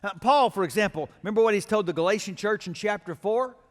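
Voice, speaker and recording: A male pastor with a high-pitched voice, preaching a sermon that moves from quiet storytelling to emphatic exhortation. His words ring out with the long reverb of a large church auditorium. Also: fast talker.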